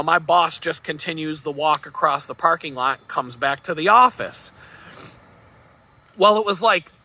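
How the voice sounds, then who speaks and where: A man's voice: fairly high pitch, bright, forceful tone. A man vlogging, telling a rambling story in a casual, chatty way and chuckling at it.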